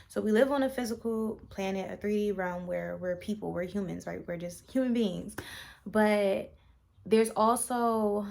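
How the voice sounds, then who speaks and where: A woman's voice: mid-range voice, vocal fry, darkish tone. A woman talking casually to her vlog audience, musing in a meandering, reflective way with fillers. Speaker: vlogger. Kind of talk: casual spiritual vlog talk.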